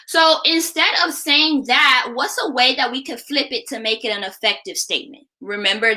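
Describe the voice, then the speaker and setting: A woman's voice: fairly high pitch, pushed and bright, poor audio. A woman teacher explaining classroom practice in an instructional video, often checking in with the listener by asking "right?". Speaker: teacher and education creator.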